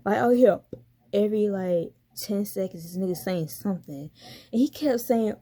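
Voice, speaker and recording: A young woman with a warm, mellow voice rants through a casual commentary vlog. Her talk is blunt and profane, full of slang, and broken up by easy laughter. She sounds like a YouTuber riffing straight to her viewers. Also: medium pitch, lively intonation, moderate pace.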